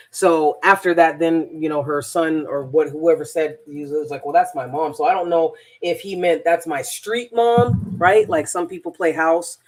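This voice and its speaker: A transformational coach telling a personal story in a rambling, emphatic monologue, often repeating words. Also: mid-range voice.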